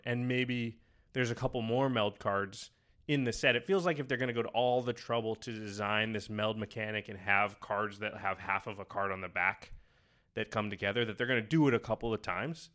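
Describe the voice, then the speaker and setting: A man co-hosting a podcast, talking casually, quick and enthusiastic, rambling with restarts. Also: mid-range voice, a bit bright. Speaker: podcast co-host. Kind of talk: casual chat.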